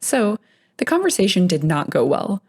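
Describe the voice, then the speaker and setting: A woman narrating internet stories aloud in a lively, amused way, now and then chuckling. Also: mid-range voice, normal speed, breathy edge.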